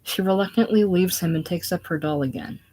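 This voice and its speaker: Woman reading a play out loud, deep-ish voice, steady with little slips. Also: brisk, low-quality recording. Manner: steady, with small slips and restarts. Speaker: reader. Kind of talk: reading stage directions aloud.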